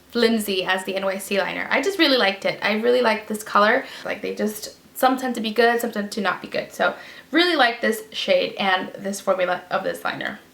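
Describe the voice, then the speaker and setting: A woman's voice: medium pitch, bright, forceful tone. A woman giving a casual, chatty product review with lots of fillers and emphatic repeats. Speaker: beauty vlogger. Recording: roomy echo.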